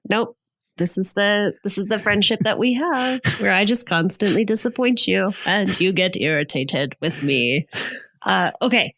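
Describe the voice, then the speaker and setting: A woman's voice: mid-range voice, lively intonation, a little slow, fairly bright tone, dry recording, clean studio sound. A woman co-hosting a marriage therapy show in playful casual chat, teasing her co-host and laughing easily.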